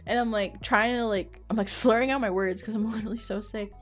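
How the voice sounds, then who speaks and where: A woman's voice: fairly high pitch, steady tone, fast talker, faint music behind. A young woman streamer telling a story in casual chat, rambling with lots of "like" fillers and casual swearing. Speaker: VTuber streamer.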